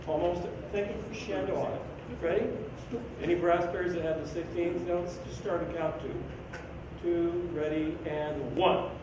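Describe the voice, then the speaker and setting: Leading a school band practice, this man sings rhythms on syllables and counts everyone in, his high voice level and his speed normal. It's rehearsal instruction captured from a distance in a reverberant room with noise behind it.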